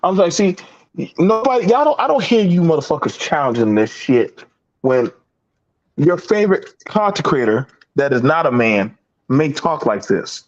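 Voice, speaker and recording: A man's voice: mid-range voice, very animated, moderate pace, highs cut off. A man hosting a heated panel talk, telling emphatic, profane stories. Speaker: podcast host.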